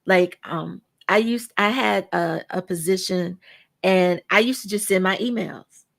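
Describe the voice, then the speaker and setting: A woman's voice: on the low side, a little slow, gravelly. A woman guest on a podcast, chatting casually and emphatically and acting out the people she quotes in her stories. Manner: animated storyteller who acts out quoted dialogue; emphatic, repeats words for stress.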